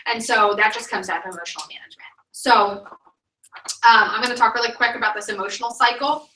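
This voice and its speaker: A woman in her thirties leads a motivational sales training, emphatic and chatty, with plenty of "like." Her voice sits a little high and rings bright. It is picked up from a distance in an echoey meeting room. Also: quick pace, slight background noise. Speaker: sales director training new consultants.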